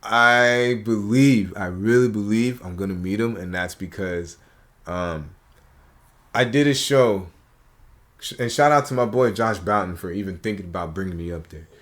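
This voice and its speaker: A man's voice: on the low side, unhurried. A man, a comedian guest on a podcast, telling stories casually in a studio and acting out what people said. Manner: animated storyteller acting out quotes. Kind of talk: casual storytelling chat.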